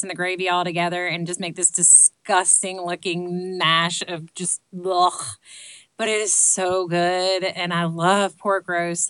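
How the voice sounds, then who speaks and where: A woman's voice: fairly low pitch, sharp tone, smooth, no room sound, rough recording. A woman in her late thirties with a Southern accent, chatting casually to camera and answering questions in a rambling, self-deprecating way full of ums. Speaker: vlogger answering viewer questions. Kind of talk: casual chat.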